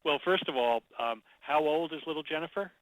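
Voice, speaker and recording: A man's voice: on the high side, a little fast, no echo, muffled recording, lightly acted. A man playing an eager, friendly male parenting consultant who politely approaches a stranger.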